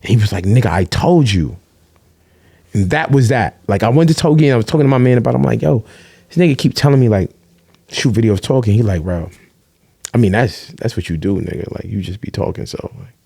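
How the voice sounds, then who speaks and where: A man's voice: medium pitch, fast talker, vocal fry, slightly rough, no echo. Slangy man telling stories, dry sound. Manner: streetwise slang, animated storytelling, swears freely. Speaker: podcast guest, vlogger. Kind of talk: casual chat.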